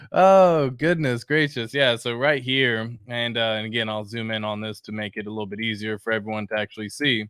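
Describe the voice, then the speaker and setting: An excitable young man chats through a casual livestream, full of slang and shout-outs to viewers by name. His voice sits in an ordinary middle register. The sound is dry and close, with no room echo. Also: medium pitch, a little fast, hardly any pauses, clear, resonant tone. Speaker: crypto livestream host.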